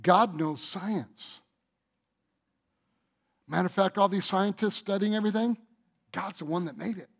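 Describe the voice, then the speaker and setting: Slow, emphatic male preacher. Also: gravelly. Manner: emphatic, drawn-out phrases, loudness swinging from booming to hushed. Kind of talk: sermon.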